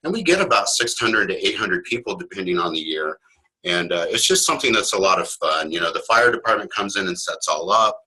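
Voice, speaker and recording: A man's voice: low voice, expressive, a little fast, sharp tone, husky, poor audio. A middle-aged man from Kansas, a librarian giving a casual webinar talk, rambling and self-deprecating with many fillers.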